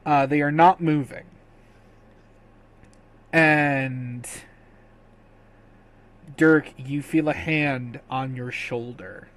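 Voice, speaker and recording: A man narrating as game master in a tabletop game, measured and sometimes hesitant. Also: medium pitch, fairly even intonation, a bit bright. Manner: slow, measured narration with fillers.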